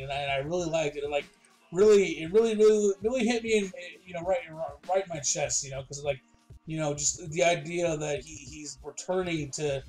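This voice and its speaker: Rambling man recapping with soft music. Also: on the high side. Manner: rambling, filler-heavy, enthusiastic. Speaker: podcast host. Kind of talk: casual episode recap.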